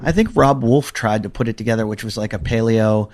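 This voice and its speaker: A man from Pittsburgh hosting a podcast, chatting casually and telling stories in an animated, profane, joking way. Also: on the low side, fairly quick, a little hiss or hum. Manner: animated, profane, jokey storytelling. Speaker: podcast host. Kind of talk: casual interview chat.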